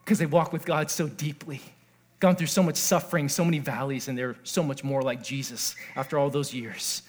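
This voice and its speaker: In a mid-range voice and at a slightly fast clip, a pastor preaches earnestly. He shifts between hushed, close passages and excited cries, joking with the people in the pews.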